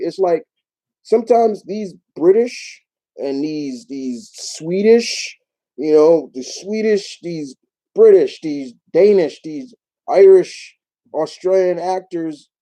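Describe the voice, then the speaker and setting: A man from New York hosting a casual live Q&A, talking in a rambling, animated way with many restarts. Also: sits high, low-quality recording. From New York, United States. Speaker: YouTube show host.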